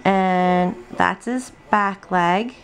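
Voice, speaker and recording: Tired, chatty woman with gravelly tone. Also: mid-range voice, extremely slow. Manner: rambling, chatty, many ums and asides. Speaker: craft video host. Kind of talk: casual drawing tutorial. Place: home desk. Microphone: camera on tripod at desk.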